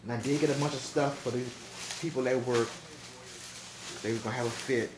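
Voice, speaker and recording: A man's voice: mid-range voice, steady tone, fairly quick, roomy sound, noisy background. A chatty young man, talking casually to camera at home. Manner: chatty, talks straight to viewers. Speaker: vlogger. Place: indoors at home.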